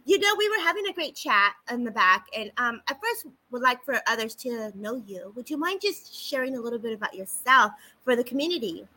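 A woman's voice: a little high, sing-song, brisk, few pauses, sharp tone, rough recording. A woman hosting a livestream, enthusiastic, greeting viewers by name in casual chat. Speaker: livestream host.

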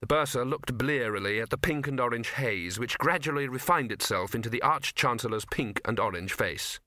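A man narrating a comic fantasy audiobook with expressive storytelling. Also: mid-range voice, moderate pace, no room sound, studio quality. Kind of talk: scripted narration.

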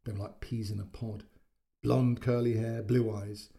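Gravelly male storyteller. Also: fairly low pitch, little pitch movement, dark tone. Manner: measured, descriptive. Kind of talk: scripted story narration.

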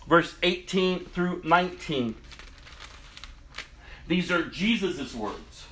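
A man's voice: fairly high pitch, a bit bright, reverberant, recorded from a distance, poor audio. A man preaching a sermon in a conversational, storytelling way. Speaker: pastor.

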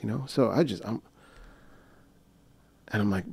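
A man's voice: lowish voice, brisk, creaky, long pauses, dark tone, husky, no echo. A young man telling a rambling story in casual chat, with many fillers and restarts, acting out the voices of the people in it. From United States. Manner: acts out quoted voices. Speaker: guest.

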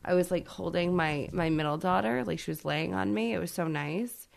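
A woman in her thirties co-hosting a podcast, chatting casually and bluntly with plenty of swearing, loud and emphatic when ranting. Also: on the low side, normal speed, creaky. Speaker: podcast co-host. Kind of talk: casual chat.

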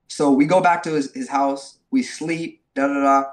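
A man's voice: mid-range voice, brisk, few pauses. A man from New Mexico, a guest evangelist, telling his story in a loose, casual way with fillers. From Albuquerque, New Mexico, US.

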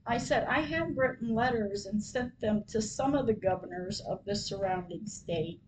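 A woman reads her diary entries aloud for a podcast. Her delivery is plain and measured as she retells each exchange. Her voice sits mid-pitch and mellow, with a faint hiss of noise behind it. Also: poor audio.

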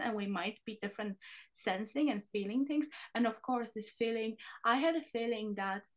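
A woman's voice: on the high side, moderate pace. A woman co-hosting a podcast, telling childhood stories in a casual chat, acting out the voices of the people she quotes and laughing often. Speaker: podcast co-host.

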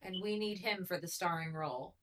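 Calm woman player. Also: on the low side, fairly quick. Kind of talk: casual tabletop play.

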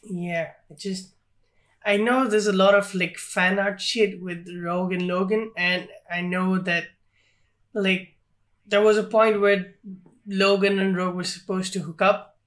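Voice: mid-range voice, little pitch movement, measured pace, fairly bright tone. A podcast co-host chatting casually about films, hesitant with many likes and ums. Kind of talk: casual film chat.

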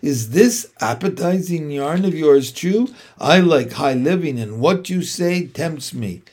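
A man's voice: on the high side, expressive, unhurried, darkish tone. A man reading aloud and voicing a grumpy, greedy male rat who grumbles.

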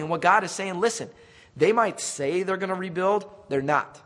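A man preaching in a relaxed, conversational style, dropping into a slow, weighty voice when he speaks God's words. His voice sits a little high and has a husky edge. The long reverb of a large church hall trails behind him. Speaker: pastor. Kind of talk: sermon.

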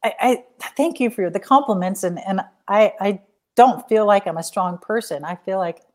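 A woman guest, a charity founder, telling an emotional personal story in a halting, soft-spoken way. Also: mid-range voice.

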